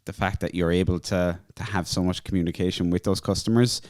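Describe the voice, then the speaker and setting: A deep-voiced man hosting a business podcast, chatting in a loose, encouraging way. His voice sits very low, and the recording is close and dry. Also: steady tone, brisk, darkish tone, no room sound. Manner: supportive, rambling restarts and agreeing interjections. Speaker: podcast host. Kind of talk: casual interview conversation.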